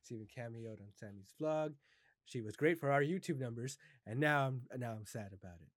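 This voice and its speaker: A man's voice: medium pitch, fairly quick, dry recording, studio quality. A man hosting a casual wrestling chat, playful and teasing, sometimes mock-mournful. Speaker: podcast host.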